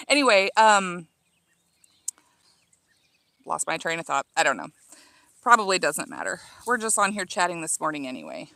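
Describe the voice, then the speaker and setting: A woman's voice: fairly low pitch, very animated, moderate pace, vocal fry, pauses often, pushed and bright, dry recording. A woman in her thirties from Illinois, chatting casually with livestream viewers while trimming herbs in her garden, reading their comments aloud and talking with many fillers and restarts. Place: outdoor home garden.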